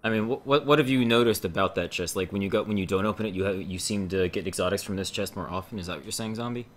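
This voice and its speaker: A man's voice: sits low, quick pace, slight background noise. A man in casual gaming voice chat, teasing his raid teammates over a headset. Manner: teasing, animated. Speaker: raid group member.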